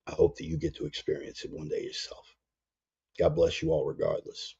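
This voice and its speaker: A man's voice: deep voice, big pitch swings, a little fast, warm tone, slightly rough. A man hosting a casual spoken sermon, blunt and slangy, drawing out phrases for emphasis. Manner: emphatic, drawls some phrases. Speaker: preacher and show host. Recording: dull lo-fi sound.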